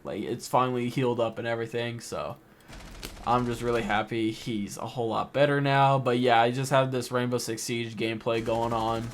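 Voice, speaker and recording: Young man, gaming vlogger, emotional, rambling, mid-pitched voice. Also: moderate pace, a little hiss or hum. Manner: rambling, heavy on "like" and "or whatever". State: emotional, voice wavering. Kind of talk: casual personal talk over gameplay.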